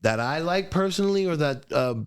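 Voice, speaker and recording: A man from Detroit, a guest on a podcast, talking in a laid-back, unhurried way. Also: fairly high pitch, animated, clear, resonant tone, dry recording, clean studio sound. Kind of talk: casual interview. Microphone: podcast microphone.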